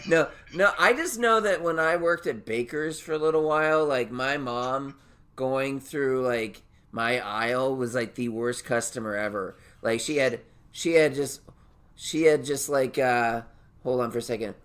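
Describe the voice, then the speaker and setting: A man from Nebraska hosts a loose, casual podcast conversation at an ordinary mid pitch. He rambles through stories, piling on fillers and swear words and laughing often. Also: a little slow, fairly bright tone. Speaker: podcast host.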